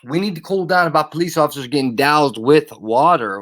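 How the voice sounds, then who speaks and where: A man running a live stream in a loose, profane rant that wanders from point to point. His voice sits at an ordinary middle pitch, and he keeps breaking off to call out to people in his chat. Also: animated, fast, few pauses, a bit bright. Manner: profane, rambling, greets chatters by name.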